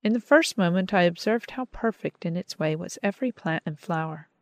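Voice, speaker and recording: Measured woman reading an audiobook. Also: fairly low pitch, lively intonation, dry recording, clean studio sound. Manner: measured and earnest. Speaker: audiobook reader. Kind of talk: scripted first-person narration.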